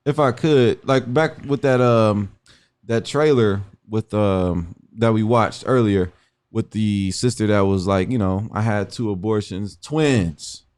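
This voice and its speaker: This man speaks in a fairly low, smooth, slightly mellow voice at an unhurried pace. He is in an earnest radio discussion in a preaching style, quoting scripture and repeatedly asking listeners, "you understand?"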